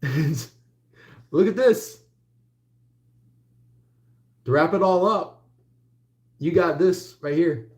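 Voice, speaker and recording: A man's voice: on the high side, very slow, pauses often, darkish tone, roomy sound. A man doing a casual tarot reading who rambles with lots of fillers and acts out little quotes. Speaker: tarot reader.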